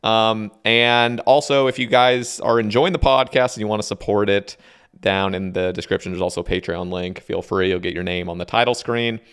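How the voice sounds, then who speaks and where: A man's voice: lowish voice, steady tone, normal speed, a bit bright, clean tone. A man hosting a casual podcast, agreeable and easygoing, often repeating himself. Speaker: podcast host.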